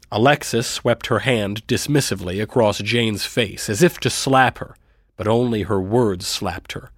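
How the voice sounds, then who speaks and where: Low-voiced man narrating a sardonic drama. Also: no echo, clean studio sound. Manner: measured, sardonic, self-mocking. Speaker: narrator and reader. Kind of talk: scripted first-person dramatic narration.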